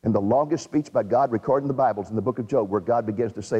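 A man's voice: mid-range voice, very fast, warm tone, husky, long reverb tail. A male preacher delivering a sermon in a dramatic, emphatic way, putting rhetorical questions to his audience.

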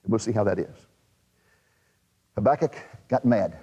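A man's voice: lowish voice, animated, moderate pace, dark tone, husky, in a large hall, highs cut off. A male preacher delivering a sermon in a dramatic, emphatic way, putting rhetorical questions to his audience.

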